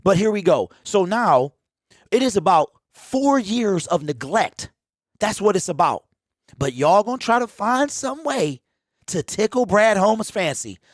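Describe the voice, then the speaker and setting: A man's voice: sits high, big pitch swings, unhurried, no echo, clean studio sound. A man in his forties hosting a fan livestream, rambling and teasing his chat in a casual rant. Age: 40s.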